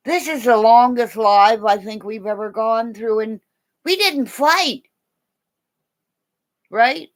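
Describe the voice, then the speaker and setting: A woman's voice: fairly high pitch, animated, takes it slowly, long pauses. A middle-aged woman hosting a casual livestream, chatty and playful, laughing often. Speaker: livestream host.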